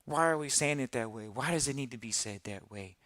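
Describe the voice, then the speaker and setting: A man hosting a live podcast in casual talk, animated and repeating phrases for emphasis. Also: mid-range voice, a little fast, dry recording. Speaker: podcast host.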